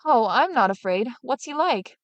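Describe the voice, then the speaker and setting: A woman's voice: on the high side, animated, normal speed, no room sound, muffled recording, voice pushed up, close to an everyday voice. Woman doing a jittery gullible farmer, fearful outbursts, storybook, dry sound. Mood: nervous. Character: gullible, easily scared farmer man.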